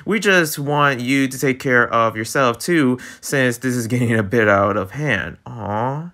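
A young man reading a romance webtoon aloud, breaking off into excited, reactive commentary. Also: medium pitch, unhurried. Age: young adult. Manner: animated, jumps between reading and excited reactions. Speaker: webtoon reader.

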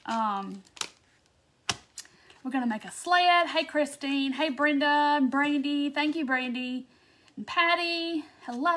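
A woman's voice: sits high, fairly bright tone. A woman from Mississippi with a Southern accent, hosting a live crafting stream and chatting in a bubbly way as she greets viewers by name. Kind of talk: casual live-stream chat.

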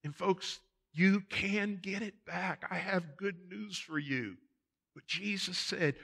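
Slow, bright-voiced preacher. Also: male voice, high-pitched, vocal fry. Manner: preaching with emphatic repetition, addressing the congregation as folks. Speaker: pastor. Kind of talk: sermon. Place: church sanctuary.

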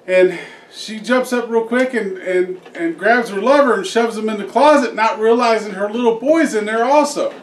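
A man's voice: high-pitched, moderate pace, a little hiss or hum. Rambling, folksy man telling a joke. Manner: rambling, folksy, many fillers. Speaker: joke teller, host. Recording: echoey room, distant mic.

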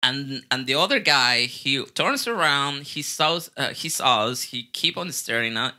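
A man's voice: medium pitch, sharp tone. A man with a Mexican Spanish accent, a Spanish speaker, telling stories as a guest in a casual way, repeating words and swearing now and then. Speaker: guest bartender. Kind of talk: casual storytelling.

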